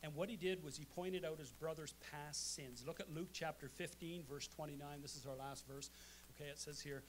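Pastor guy preaching in church, kinda high voice, punchy, keeps asking amen. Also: fairly quick, a little hiss or hum. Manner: emphatic, calls out "amen?" to the congregation. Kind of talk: sermon. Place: church sanctuary.

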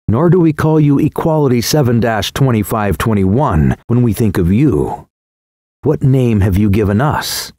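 A man voicing a proud, calm young woman in an audiobook, speaking softly and without hurry. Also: mid-range voice, a little slow, dry recording, clean studio sound. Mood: gentle.

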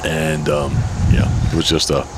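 A man's voice: a bass voice, completely flat delivery, a little slow, background noise. A man co-hosting a podcast, chiming in with asides and wry remarks in casual chat. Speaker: podcast co-host.

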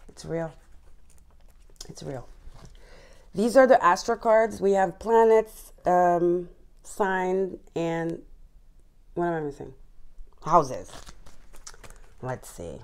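A woman talks her viewers through a tarot spread in a loose, chatty way. Her voice sits a little low for a woman. She gushes with excitement, repeats herself and breaks into sighs and small laughs. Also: takes it slowly, long pauses. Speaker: tarot reader. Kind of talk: casual tarot reading to camera.

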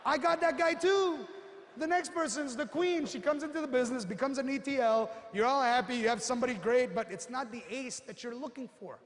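A man giving an animated motivational seminar talk, telling stories and acting out the people in them. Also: very high-pitched, a little fast, few pauses, big-room sound. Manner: animated storyteller, acts out quotes, punchy asides. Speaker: motivational speaker.

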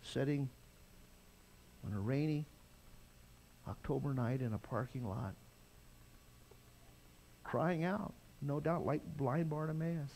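An older man preaching a sermon as pastor, impassioned, swinging from loud cries to quiet intensity. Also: mid-range voice, unhurried, vocal fry, pauses often, a little hiss or hum.

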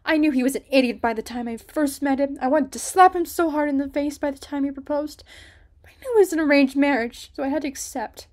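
A woman's voice: mid-range voice, moderate pace, close to an everyday voice. A woman doing a fiery young pirate lady. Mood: indignant. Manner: indignant, loud outbursts.

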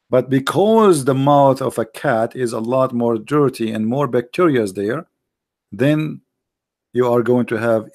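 A man's voice: medium pitch, vocal fry, darkish tone. A man giving sarcastic, argumentative commentary in broken English grammar. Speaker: religious debater. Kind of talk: mocking commentary.

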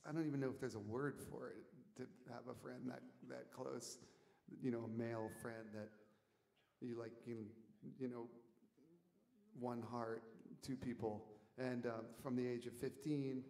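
A man telling a rambling story from the stage of a concert hall, animated and laughing, shouting out the lines he quotes. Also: mid-range voice, creaky. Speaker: musician telling stories on stage. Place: concert hall, live audience. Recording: audience tape in a reverberant hall, faint noise.

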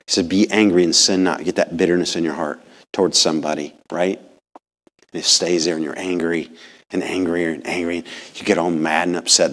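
A man preaching a sermon in church in a folksy, animated way, often asking the congregation questions. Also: deep voice, fairly quick. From rural upbringing. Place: church sanctuary.

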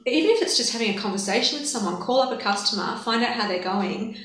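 A woman's voice: on the high side, quick pace. Chatty woman in an echoey room. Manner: relaxed, chatty, laughs easily. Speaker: interview guest, marketing adviser. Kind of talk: casual interview chat.

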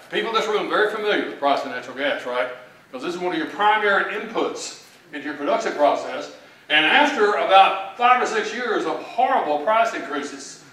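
Speaking in a fairly high, pushed, bright voice, this economist from Texas delivers a keynote in his Texan accent, plain-spoken and full of folksy jokes. The recording comes from a distance in a big event hall that echoes.

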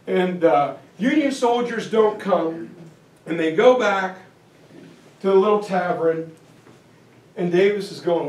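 A man's voice: high-pitched, lively intonation, normal speed, far from the mic, a little hiss or hum. Male history teacher in an echoey hall. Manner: casual, acts out historical figures. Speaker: history lecturer. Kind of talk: animated history lecture.

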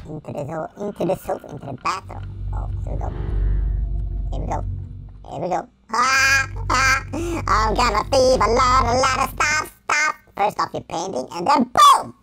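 A performer voicing a mischievous male cartoon chipmunk in sped-up, pitched-up game commentary, goofy and rambling with giggles and silly made-up words. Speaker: gameplay commentator in character. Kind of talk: playful in-character gameplay commentary. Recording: game music underneath. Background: background music.

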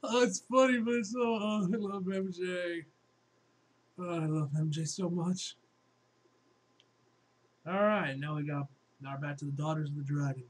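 A man reading a comic aloud and reacting, excitable and breaking into loud exclamations. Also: high-pitched, a little slow, long pauses, a little hiss or hum. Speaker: comic book reviewer.

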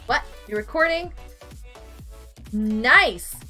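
A woman live streaming a game, excitable and giggly, chatting with her viewers. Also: fairly high pitch, extremely slow, faint music behind. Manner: excitable, giggly, talks to chat. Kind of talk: casual gaming live stream chat.

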